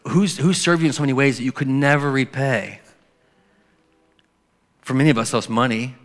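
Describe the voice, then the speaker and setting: A male pastor preaching a sermon in a conversational way, slowing and softening when he reads scripture. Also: medium pitch. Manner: conversational preaching, drops to soft slow scripture reading. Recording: long hall reverb.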